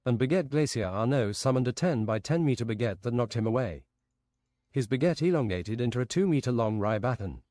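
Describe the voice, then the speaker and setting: A man's voice: medium pitch, expressive, brisk, darkish tone, dry recording, studio quality. A man streaming a game while improvising a rambling, absurd fantasy story.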